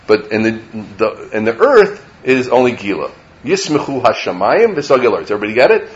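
Middle-aged rabbi teaching with lively banter. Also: male voice, mid-range voice, fairly quick, dull audio. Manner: conversational, checks in with listeners by asking "right?"; lively, mixes in Hebrew and Yiddish terms. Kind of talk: informal Torah lecture. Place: lecture room with a live audience.

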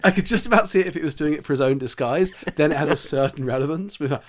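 A man co-hosting a casual chat, chiming in with quick wry remarks. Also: on the high side. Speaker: podcast co-host.

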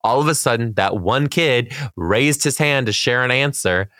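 A man's voice: mid-range voice, lively intonation, normal speed, sharp tone, no room sound. A man co-hosting a podcast, reading listener emails aloud and reacting with dry remarks. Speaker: podcast co-host. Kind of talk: casual chat.

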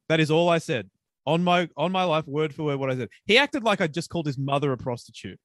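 A man's voice: fairly quick, no room sound, clean studio sound. A young Australian man in his twenties, co-hosting a podcast and telling a rowdy story in a casual, profane way. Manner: animated, profane, swings up high for quoted voices. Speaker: podcast co-host.

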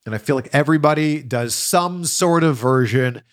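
A man's voice: mid-range voice, moderate pace. A man hosting a casual fan Q&A, telling stories with an easy, chatty manner and frequent laughs. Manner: lively, laughs often, chatty storytelling. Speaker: host of a wrestling Q&A show. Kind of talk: casual chat answering fan questions.

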